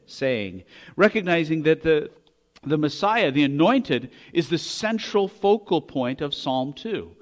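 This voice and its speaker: A man preaching a sermon, earnest, restarting phrases, growing loud as he reads scripture aloud. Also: fairly high pitch, very animated, moderate pace. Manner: earnest, repeats words when restarting, rises to loud when reading scripture.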